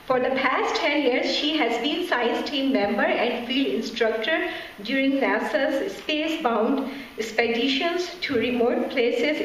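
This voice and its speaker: A woman host gives a polite, somewhat hesitant introduction, with frequent filler pauses. Her voice is slightly high. It comes from a distance in a very echoey room with faint noise behind. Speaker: event host. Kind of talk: formal speaker introduction. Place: lecture hall. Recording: echoey hall from far off.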